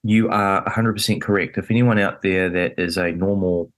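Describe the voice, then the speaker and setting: This political discussion features a male podcast guest whose low voice holds a fairly even intonation at a normal speed. Even so, he comes across as emphatic and indignant, with many fillers, in an animated studio conversation.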